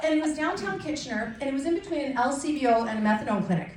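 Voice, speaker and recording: A middle-aged woman performing a stand-up routine, telling stories in an animated, self-mocking way on a comedy club stage. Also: sits high, rapid-fire, noisy background. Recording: distant mic in an echoey room with a loud crowd. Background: audience laughter and cheers.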